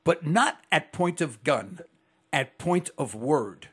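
A middle-aged man from New York hosting a call-in radio talk show, speaking formally, slowly and deliberately. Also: on the high side, expressive, a bit bright, slightly rough.

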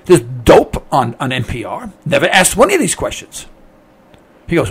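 This radio talk host speaks at a normal speed in a fairly high, slightly rough voice whose pitch swoops wildly. He rants indignantly through an opinionated monologue, repeating himself and tossing out rhetorical questions.

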